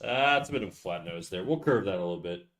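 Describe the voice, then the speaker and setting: A man's voice: deep voice, animated, fast, a bit bright. A young man live-streaming from his apartment into a desk condenser mic, chatting casually and swearing as he reads his chat while he draws. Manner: laid-back, swears a lot, reads chat aloud. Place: his apartment, untreated room. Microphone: USB condenser desk mic.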